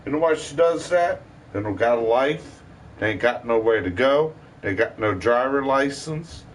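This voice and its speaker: A man's voice: medium pitch, animated, normal speed. A man ranting bitterly to his live stream, full of cursing and rambling complaints.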